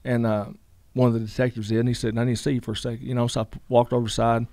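A man's voice: mid-range voice, flat delivery, rapid-fire, dark tone, no echo. A middle-aged man, telling a story casually in a rambling way, full of fillers and quoted dialogue. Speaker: guest.

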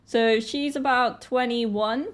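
A woman's voice: fairly high pitch, fairly even intonation, slow. A woman in her twenties from Britain, chatting casually and laughing often as she reacts to a video. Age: 20s.

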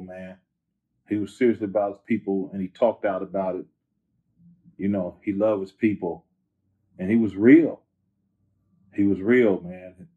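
Husky man, phone-line sound. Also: lowish voice. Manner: laid-back slangy talk, many "you know what I'm saying". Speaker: interview guest, rapper. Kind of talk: casual interview storytelling. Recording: phone-like narrow band.

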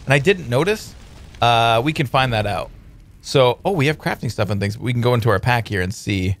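Excitable man with a lively voice. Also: mid-range voice, brisk. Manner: excitable, exclaiming and joking at the game. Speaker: let's play host. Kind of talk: gameplay commentary.

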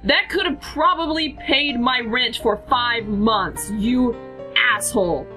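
A young woman gives blunt, sarcastic, swear-heavy commentary as she plays a horror game. Her voice sits high for a woman, and she talks at a quick, casual pace. Clear game music plays behind her. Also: pushed and bright, rough recording. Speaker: gaming video host.

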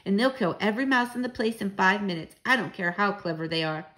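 A woman reading aloud, voicing an eager young boy who has become a talking mouse, with excited exclamations. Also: mid-range voice, fast, close to an everyday voice.

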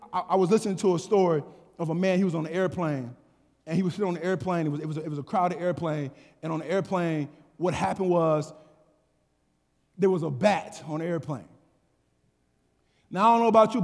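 A man delivers a sermon in a notably high voice, working the crowd with call and response. He stammers through repeated words as he tells his story and climbs to shouting. Long reverb from a large hall trails every phrase. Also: vocal fry. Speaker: pastor.

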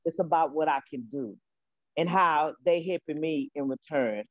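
A woman's voice: deep voice, moderate pace, no echo, lo-fi sound. A woman calling in to a talk show, speaking in a heartfelt, emotional, repetitive way about her work. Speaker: caller. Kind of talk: casual call-in testimony.

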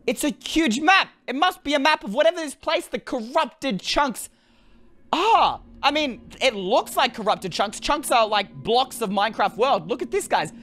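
A woman giving chatty, animated let's-play commentary to her viewers, often exclaiming in excitement. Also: high-pitched, normal speed. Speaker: gaming video creator.

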